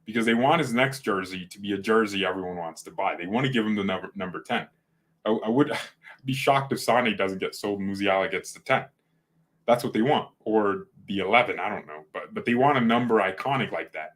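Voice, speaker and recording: A man's voice: lowish voice, brisk, fairly bright tone. A man hosting a fan channel in casual livestream chat, rambling, correcting himself and joking. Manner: rambling, self-correcting, jokey.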